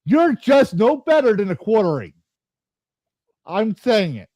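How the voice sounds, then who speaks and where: His voice is high-pitched and sing-song with a darkish tone, and he keeps a measured pace while furiously ranting and swearing on the gaming podcast he hosts. The streamer repeats himself and restarts frequently, and the audio has no echo.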